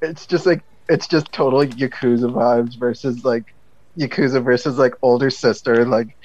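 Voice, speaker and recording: A man's voice: mid-range voice, fairly even intonation, moderate pace, a little mellow, dull audio. A man at a tabletop game joking animatedly with the group.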